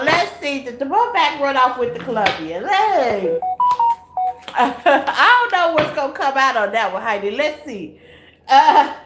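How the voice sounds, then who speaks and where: Woman, tarot reader live-streaming to chat; high voice, unhurried delivery, laughs a lot, echoey room. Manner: laughs often, bursts into loud high exclamations. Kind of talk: casual live tarot reading to chat viewers.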